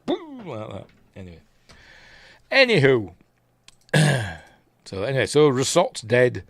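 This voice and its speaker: A man with a Yorkshire accent, his voice going hoarse, rambling through a live casual episode recap with lots of ums and asides. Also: medium pitch, huge pitch swings, slow, fairly bright tone, no room sound. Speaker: streamer reviewing TV episodes.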